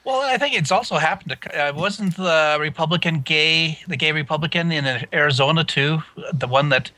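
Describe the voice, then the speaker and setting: A man's voice: fairly high pitch, normal speed, bright, forceful tone, no echo. A man on a casual podcast who hesitates and searches for his words. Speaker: podcast co-host.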